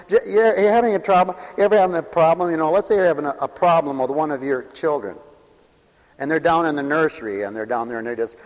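A man preaching a lively sermon who swings from loud cries to quiet mumbles, acting out scenes and laughing often. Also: mid-range voice, fast, big-room sound. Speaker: pastor.

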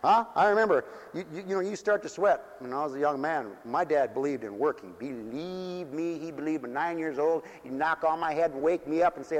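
A man preaching in a folksy, joking way that climbs into fervent hallelujahs. His voice sits high, and a long reverb hangs in the mission hall around him. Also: brisk, hardly any pauses. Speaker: pastor. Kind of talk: sermon.

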